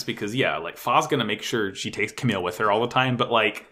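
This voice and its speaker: A man co-hosting a casual podcast, excitedly recapping an anime episode, swearing freely and stammering when unsure. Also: medium pitch, a little fast. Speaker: podcast co-host.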